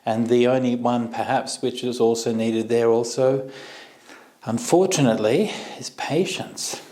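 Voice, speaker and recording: A man teaching meditation on a video call, answering questions in a gentle, reassuring way with frequent restarts. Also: medium pitch, moderate pace.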